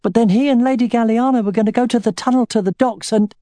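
A man's voice: very high-pitched, fast, warm tone, pitched above the performer's own voice. A man voicing a frightened young serving girl who pleads breathlessly in an audiobook. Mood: terrified pleading.

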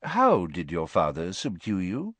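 A man voicing an old male wizard who asks questions quietly and softly. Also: sits low, wildly swooping pitch, unhurried, dry recording, heavily acted. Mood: calm. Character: old male wizard headmaster, calm and gentle.

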